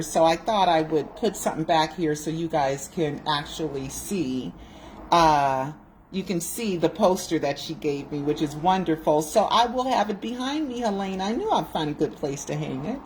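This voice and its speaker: A woman's voice: sits low, lively intonation, moderate pace, a little mellow, a little hiss or hum. A woman in her sixties hosting a casual video chat from her home, talking in a digressive, emotional way. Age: 60s. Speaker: video host. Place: home room.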